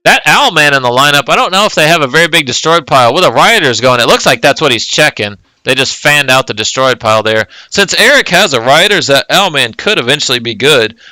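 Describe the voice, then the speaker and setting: A man with a very bright, crisp voice, talking casually as he calls a card game tournament move by move. The sound is dry and close. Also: fairly high pitch, animated, brisk, hardly any pauses, no room sound, poor audio. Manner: casual, play-by-play calling of moves. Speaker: tournament commentator. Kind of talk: live game commentary.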